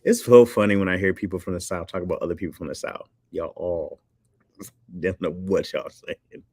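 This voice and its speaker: A man with a Michigan accent chatting casually with viewers, loose and joking, a little tired, often mimicking other accents with sudden high squeaks. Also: fairly even intonation, moderate pace, darkish tone, husky, no room sound, studio quality. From Midwest. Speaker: livestream host.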